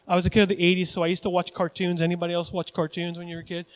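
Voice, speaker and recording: Man in his 40s preaching, jokey and chatty, highish voice, long echo from a big church hall. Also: racing, clean tone. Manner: joking, conversational, animated. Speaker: pastor. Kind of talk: sermon.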